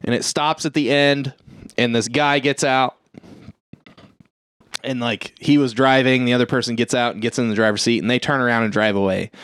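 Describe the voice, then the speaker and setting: A man with a mid-range voice talks at normal speed, with a clean tone and no room sound. Co-hosting a casual podcast, he animatedly retells a film scene, swearing heavily and acting out the lines.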